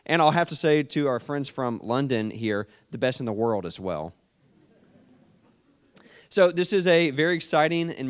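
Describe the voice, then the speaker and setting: A man's voice: mid-range voice, clean tone. A man with a down-home Tennessee accent, a state official giving a folksy, friendly conference welcome speech on stage. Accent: Southern US, Tennessee. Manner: folksy and friendly, says "y'all" often. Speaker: state insurance commissioner giving welcome remarks.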